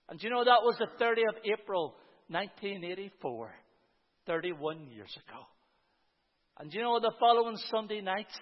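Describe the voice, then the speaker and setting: A man in his fifties preaching his testimony to a church gathering, earnest and often repeating "and you know, friends". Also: sits high. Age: 50s. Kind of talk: sermon testimony. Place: church hall with about 150 people. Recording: reverberant hall, dull lo-fi sound.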